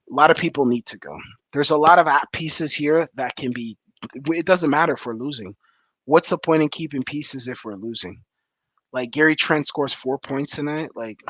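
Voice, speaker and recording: A man's voice: mid-range voice, a bit bright, no room sound. Frustrated man ranting after a game. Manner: frustrated, rambling with many fillers. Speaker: sports fan commentator. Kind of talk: post-game reaction rant.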